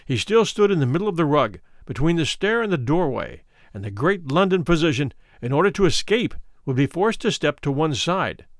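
A man reading a classic story aloud, measured and expressive, his pitch moving a great deal through each sentence. His voice sits slightly high, and the recording is dry and close with no room sound. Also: dry recording. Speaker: narrator.

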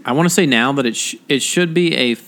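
A young man co-hosting a podcast in casual chat. He mocks himself, laughs a lot and drops his voice low for inner thoughts. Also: brisk, a bit bright. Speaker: podcast co-host.

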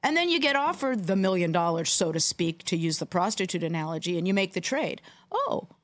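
A woman co-hosting a football podcast, telling jokes and stories in an animated way. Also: fairly low pitch, fast, dry recording. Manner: storytelling, animated. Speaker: podcast co-host. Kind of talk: casual sports chat.

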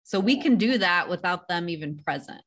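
A woman with a fairly low voice speaks as a therapist on a podcast. She talks calmly and in a measured way, laying out practical advice step by step. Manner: calm, measured, instructive. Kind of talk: advice-giving podcast talk.

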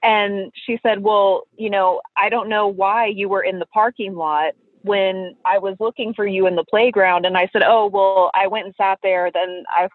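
A woman's voice: mid-range voice, moderate pace, few pauses, no echo. Woman telling a story over a tinny phone line. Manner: animated, acts out quoted voices. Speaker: caller telling a ghost story. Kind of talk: casual storytelling.

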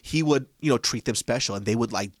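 A man, co-hosting a podcast and telling profane, animated stories in casual banter. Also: mid-range voice, fast, no room sound, studio quality. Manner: profane, animated storytelling with laughter.

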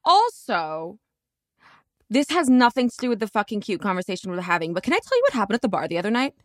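A podcast co-host in London talks at a quick pace in a mid-range voice, recorded at studio quality with no echo. She's an animated storyteller who swears freely and performs quotes as she recounts things in casual conversation.

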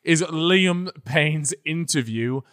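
A man's voice: a little high, slow pace, a bit bright. A young man co-hosting a podcast, talking bluntly in casual banter with swearing and laughs. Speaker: podcast co-host. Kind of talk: casual chat.

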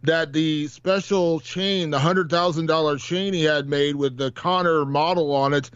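Man, fairly high voice, rambling chat full of fillers, dry dull lo-fi audio; podcast co-host. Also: fairly even intonation, a little slow, a bit bright, smooth, no echo. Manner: rambling, many fillers and restarts. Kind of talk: casual chat.

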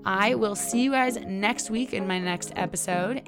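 A woman's voice: mid-range voice, measured pace, music in the background. A young woman hosting her own podcast, talking casually and rambling with lots of "like"s, laughing at her own slips. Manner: chatty, rambling, many "like"s, laughs at herself. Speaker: podcast host. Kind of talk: casual solo podcast talk.

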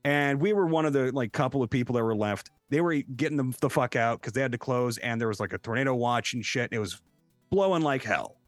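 Man, voice actor guest, cursing loosely, rambling anecdotes, mid-pitched voice, dry close sound. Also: a little fast, no echo, soft background music. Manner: profane, rambling, animated storyteller. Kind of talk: casual podcast storytelling.

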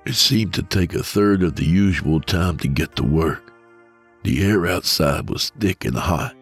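Very deep, husky male horror narrator. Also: faint music behind. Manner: steady, measured storytelling. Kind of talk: scripted first-person horror narration.

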